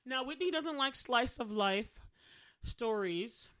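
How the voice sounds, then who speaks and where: A woman's voice: on the high side, slow. A woman co-hosting a podcast, telling a story in casual chat and laughing as she mimics accents. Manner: chatty, animated, laughs while mimicking accents. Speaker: podcast co-host.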